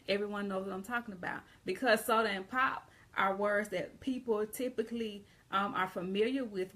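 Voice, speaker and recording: A woman with a Southern American accent talks through an English grammar lesson in a loose, conversational way. Her voice has a gravelly edge, and her pitch sits in the middle. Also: a bit bright. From Southern United States. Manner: conversational, repeats and restarts phrases. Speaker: English teacher. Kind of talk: casual online grammar lesson.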